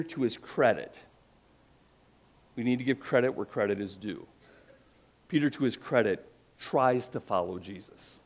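Middle-aged man preaching a lively sermon. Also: medium pitch. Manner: animated storytelling, voices quotes with rising emphasis. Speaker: pastor.

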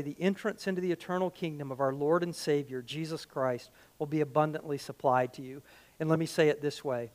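A middle-aged man preaching a sermon as pastor, conversational and animated, full of rhetorical questions. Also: on the high side.

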